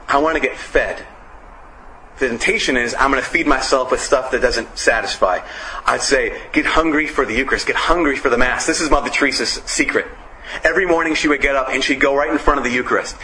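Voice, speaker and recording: Bright animated preacher in an echoey church. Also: male voice, a little high, slight background noise. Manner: animated, storytelling, emphatic repetition. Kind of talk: casual sermon with stories.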